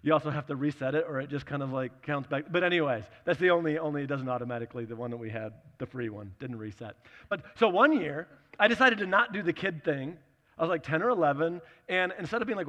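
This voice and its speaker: Bright, chatty preacher man in a big echoing hall. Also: a little high, fast talker, lo-fi sound. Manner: chatty, animated storyteller acting out the dialogue. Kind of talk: sermon with personal storytelling.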